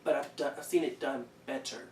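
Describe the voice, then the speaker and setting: A man's voice: medium pitch, a little fast, slight background noise. A man on a podcast panel, animatedly critiquing a film in casual discussion and often restarting his sentences. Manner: animated, restarts a lot, pushes back. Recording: roomy room, distant mic.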